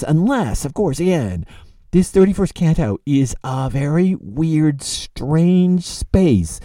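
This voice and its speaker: Man, literature lecturer, very dark mellow voice, lively rising and falling pitch, dry close sound. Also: takes it slowly, no room sound. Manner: animated, rhetorical questions, repeats phrases.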